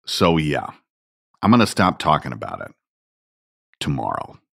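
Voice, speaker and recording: Male podcast host, deep voice, reflective storyteller with an unhurried delivery. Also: big pitch swings, creaky, dry recording, clean studio sound. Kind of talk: casual podcast talk.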